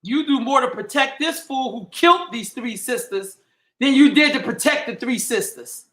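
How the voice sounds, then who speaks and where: A man with a high, bright, cutting voice delivers a fiery livestream monologue. He speaks with heat and blunt profanity, and he hammers his points through repetition. The room around him sounds hollow and echoey. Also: animated, moderate pace. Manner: heated, profane, emphatic and repetitive. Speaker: livestream host.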